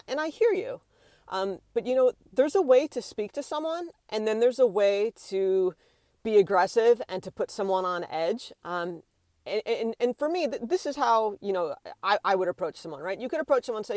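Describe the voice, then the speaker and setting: Female vlogger, chatty storytime delivery, quotes people with voices, mid-pitched, dead-dry close mic. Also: a little fast, no echo. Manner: animated retelling with many fillers, acts out quoted voices. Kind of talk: storytime vlog.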